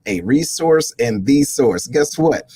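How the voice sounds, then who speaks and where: A man hosts a casual talk show in an animated, preachy, slangy style, frequently calling out to his audience. His medium-pitched voice is slightly rough, and he takes his time. There's no echo.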